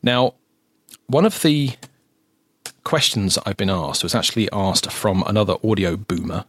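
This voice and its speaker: A man's voice: fairly low pitch, lively intonation, unhurried, fairly bright tone, no room sound, clean studio sound. Chatty southern English man hosting a podcast. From south of England. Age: adult, lived ten years in current home. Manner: chatty, hesitant with many restarts. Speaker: podcast host. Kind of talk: casual podcast chat.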